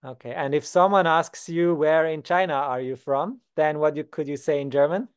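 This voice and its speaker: A young Swiss man teaching beginners basic German, calm and patient, slowing down to model each word. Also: fairly high pitch, clean tone. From Switzerland. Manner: patient, slows down to model words. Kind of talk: beginner language lesson.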